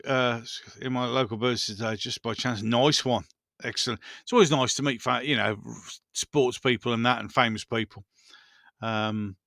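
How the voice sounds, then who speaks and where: Brummie man, fifties, rambling chat, bright tone, dry close sound. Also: mid-range voice, no echo. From Birmingham, England. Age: 50s. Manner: chatty, rambling, frank, swears casually. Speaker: channel host. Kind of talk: casual live-stream chat.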